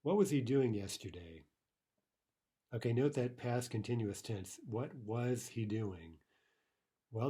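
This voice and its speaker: A man's voice: on the low side, dark tone. A man teaching a language lesson, explaining patiently and often checking in with the listener. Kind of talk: recorded grammar lesson.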